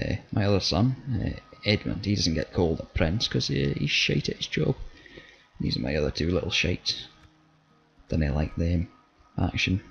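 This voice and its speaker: A gaming channel host with a Scottish accent does let's play commentary in a low, slightly rough voice with vocal fry. He's blunt, sweary and joking, and the slightly dull audio carries faint game music.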